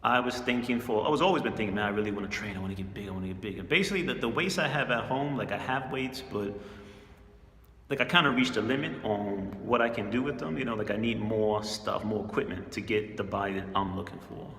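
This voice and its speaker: A man's voice: medium pitch, fairly quick, fairly bright tone, reverberant, in a large hall. A man casually telling a personal story in a laid-back, slangy way, chuckling often. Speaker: spiritual channel host.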